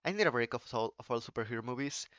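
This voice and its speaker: A man whose first language is Spanish, live-streaming and chatting to viewers in an excitable, profane rant full of restarts. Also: medium pitch, racing, no room sound, highs cut off. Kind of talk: casual live-stream chat.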